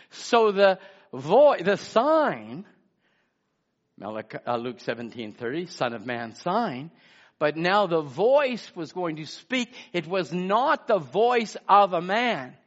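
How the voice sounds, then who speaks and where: A man preaching a sermon, swinging from loud exclamations to hushed asides. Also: high-pitched. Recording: muffled lo-fi sermon recording.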